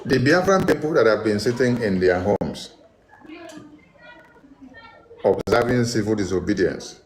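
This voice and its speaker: Mocking Nigerian man, low voice. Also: animated, normal speed, slight background noise, low-quality recording. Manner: mocking, switches into Pidgin. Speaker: online commentator. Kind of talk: political commentary.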